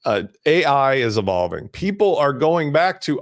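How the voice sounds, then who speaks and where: Gravelly, lively man hosting a webinar. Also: mid-range voice, moderate pace, hardly any pauses, no echo, clean studio sound. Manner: energetic, conversational, jumps between examples and screen-sharing. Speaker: host of a live business webinar. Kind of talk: casual live webinar teaching.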